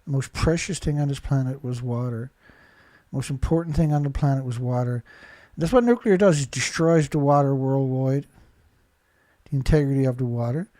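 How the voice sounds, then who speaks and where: A man's voice: mid-range voice, moderate pace, mellow, dry recording. A man hosting a live show, giving an angry, ranting commentary full of insults and repeated rhetorical questions, a little congested. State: congested, blowing nose.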